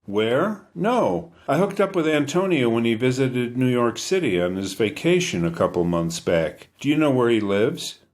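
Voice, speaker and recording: A man's voice: mid-range voice, animated, moderate pace, few pauses, pitched above the performer's own voice, close to an everyday voice. A man doing a coaxing British biker. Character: charming British male biker, friendly, persistent.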